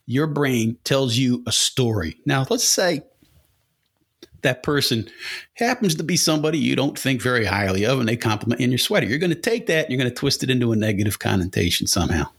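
Man, husky voice, podcast monologue, blunt and rambling, asks himself questions. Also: medium pitch, expressive, a little fast. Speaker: podcast host. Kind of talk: casual solo podcast monologue.

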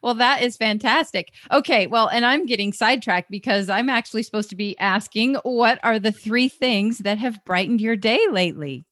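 A young adult woman hosting a podcast, cheerful and quick to laugh. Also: on the high side, fairly bright tone, dry recording, clean studio sound. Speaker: podcast host. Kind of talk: upbeat podcast chat.

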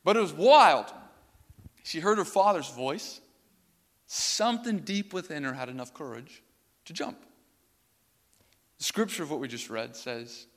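A man's voice: fairly high pitch, lively intonation, a little slow, pauses often, a bit bright. A young man preaching a sermon, telling a personal story in a casual way with many filler words. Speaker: pastor. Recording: reverberant hall.

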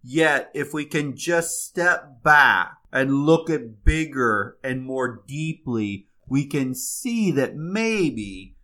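A man telling a folk tale and drawing out its moral in a relaxed, conversational way. He stumbles and restarts now and then and slows down for emphasis. His voice is bright, with a mid pitch. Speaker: storyteller. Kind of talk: casual storytelling with a moral.

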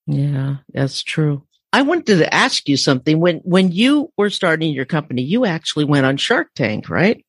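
A man's voice: on the high side, very animated, normal speed, hardly any pauses, a bit bright, breathy edge, no room sound. A man hosting a podcast interview, agreeing with his guest and asking short questions. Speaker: podcast host. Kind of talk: casual interview.

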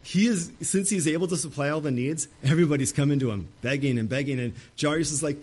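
A man's voice: a little high, fast talker, hardly any pauses, a little mellow, husky. A middle-aged male pastor preaching a sermon, dramatic and acting out the pleas of Bible figures.

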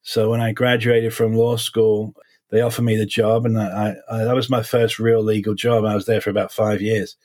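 Husky-voiced man in his forties, halting. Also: fairly low pitch, flat delivery, darkish tone. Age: 40s. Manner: halting and reflective, many restarts. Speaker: defense attorney. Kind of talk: interview.

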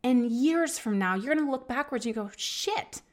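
Thirties woman hosting a self-help podcast; earnest and encouraging, a touch higher-pitched than most. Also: expressive, a little fast. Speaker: podcast host. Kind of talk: personal self-help talk.

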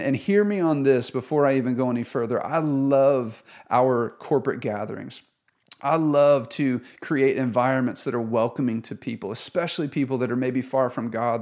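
A man's voice: medium pitch, a little mellow. A male pastor from the United States preaching a sermon in an earnest, conversational way, retelling a story with animation.

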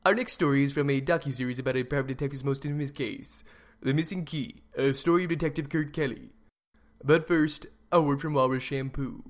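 A man's voice: medium pitch, fairly quick. A man hosting a comedy show, talking in a weepy, faltering way. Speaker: host.

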